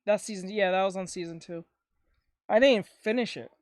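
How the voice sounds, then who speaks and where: A woman streamer chatting casually, rambling and swearing, with bursts of loud ranting. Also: mid-range voice, fairly quick, no echo, studio quality. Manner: rambling and profane, breaking into loud ranting and laughter. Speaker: streamer reacting to videos. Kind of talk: casual chat.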